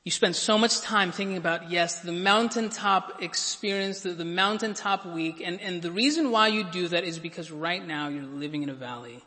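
A man preaching with a high, bright, forceful voice, earnest and prone to stumbling over repeated words. He surges to emphatic peaks as he drives his points home. The sound carries the long reverb of a large hall. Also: normal speed, hardly any pauses. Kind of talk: sermon.

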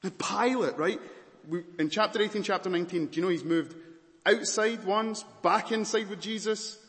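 A man's voice: high voice, moderate pace, fairly bright tone, long reverb tail. A man preaching a dramatic sermon in a church, questioning the congregation intently.

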